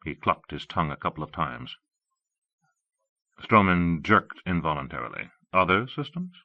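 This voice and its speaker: A man narrating an audiobook in a measured, expressive reading. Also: extremely low pitch. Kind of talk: scripted narration. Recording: dull lo-fi cassette audio.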